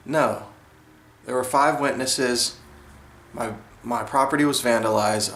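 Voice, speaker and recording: A man's voice: mid-range voice, slow, a bit bright. A man talking straight to camera in an indignant, repetitive monologue. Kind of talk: monologue vlog. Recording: roomy echo.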